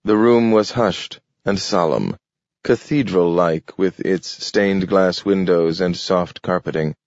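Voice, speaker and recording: Deep, slow male audiobook narrator. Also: a little mellow, dry recording. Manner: measured, descriptive. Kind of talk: scripted narration. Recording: dull lo-fi audio.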